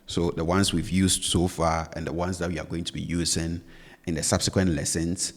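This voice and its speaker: A man's voice: low-pitched, flat delivery, moderate pace, big-room sound. A man teaching a language lesson, patiently explaining tones and checking in with "all right?" as he goes. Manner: patient, repeats points with "all right?" and "you know".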